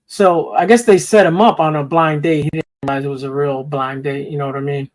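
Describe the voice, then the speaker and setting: A man in a casual panel chat, rambling through stories with quick asides. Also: on the high side, steady tone, low-quality recording. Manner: rambling storyteller, retelling funny videos with quick asides. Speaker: panel guest.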